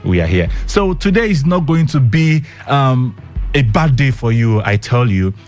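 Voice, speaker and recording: A man's voice: medium pitch, big pitch swings, a little slow, a little mellow, faint music behind. A man hosting a radio show, talking casually to listeners and asking them questions with plenty of ums. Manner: chatty, talks straight to listeners with rhetorical questions and many ums. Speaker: radio host. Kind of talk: casual radio chat and news rundown. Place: radio studio.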